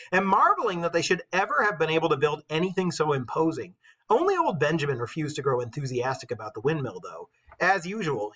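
A male teacher reading a novel aloud with expressive storytelling, pausing to comment for his class. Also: a little high, slightly rough, poor audio.

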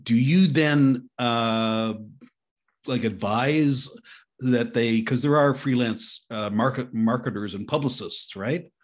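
A man's voice: mid-range voice, slow. A man hosts a podcast interview in a middling voice, friendly and chatty. He builds long, winding questions and laughs easily along the way. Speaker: podcast host.

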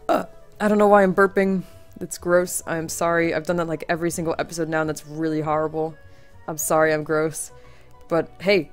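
A woman's voice: fairly low pitch, moderate pace. Sarcastic, foul-mouthed young woman gamer. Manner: sarcastic, swears a lot, mock outrage. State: tired, strained voice. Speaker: gaming channel host. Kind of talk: casual let's-play commentary. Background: faint game music.

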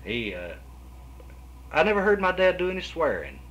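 A man's voice: fairly high pitch, wildly swooping pitch, moderate pace, fairly bright tone, low-quality recording. A man with a Kentucky accent, answering interview questions at his home in a folksy, rambling storytelling way, with frequent restarts. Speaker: guitarist guest.

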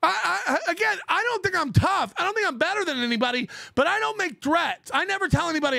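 A high-voiced man with a gravelly edge and a bright, pushed tone, ranting as a livestream host. He mocks his critics, swears freely and laughs between jabs. The sound is dry and close. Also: expressive, fast talker, hardly any pauses, dry recording.

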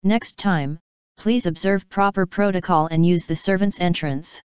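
A woman's voice: on the low side, steady tone, a little slow, darkish tone, clean tone, no echo, muffled recording, natural voice. A woman voicing a mischievous, snooty male chaos spirit in a storybook reading, with a sneering manner.

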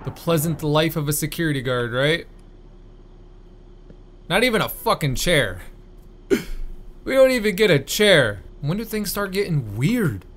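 A man's voice: a little high, sing-song, measured pace, long pauses, a bit bright, slight background noise. A man giving casual, joking gameplay commentary, chatty and playfully role-playing as a guard. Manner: joking, chatty, mock-friendly guard talk. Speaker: gaming YouTuber.

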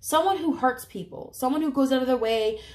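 A woman's voice: high-pitched, fairly quick. A woman giving a casual tarot reading to camera, earnest and emotional, swearing casually as she talks. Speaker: tarot reader. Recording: echoey room.

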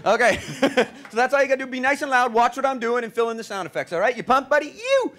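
A man hosting live comedy, working the crowd with energetic, hyped improv. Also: extremely high pitch, quick pace. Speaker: comedian host. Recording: live stage with faint crowd and noise.

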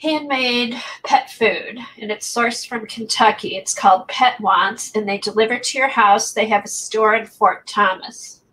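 A woman's voice: fairly high pitch, a little slow, hardly any pauses, fairly bright tone, slight background noise, rough recording. A woman chatting casually with a friend over a crafting session, eager with suggestions, on a camera mic. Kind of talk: casual chat.

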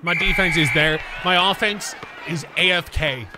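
A man streaming a video game, talking to chat with frustration, swearing and yelling at the screen. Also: on the high side, moderate pace, background noise. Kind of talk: gaming livestream commentary. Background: game music.

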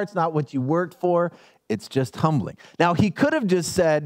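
A man's voice: a little high, very animated, moderate pace. A male pastor giving a sermon, retelling a story in a casual, joking way. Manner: casual storytelling with playful asides.

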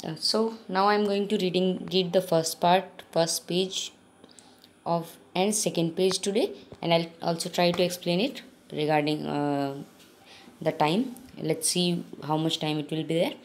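Brief: female teacher, slow and patient, reading lesson to a class. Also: fairly low pitch, fairly even intonation, a little hiss or hum. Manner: patient, explanatory, mixes in Hindi.

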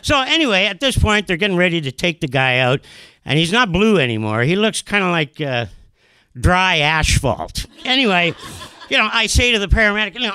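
A man spins a comic personal story, his bright voice swinging high and low. He is animated and self-mocking, padding his lines with asides and fillers. The pitch sits high for a man. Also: brisk, clear, resonant tone, no echo.

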